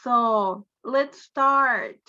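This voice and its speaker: Teacher lady, high bright voice, mixes spanish in, muffled call audio. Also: a little hiss or hum. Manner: explains slowly, switching between English and Spanish. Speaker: English teacher. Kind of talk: online class lecture.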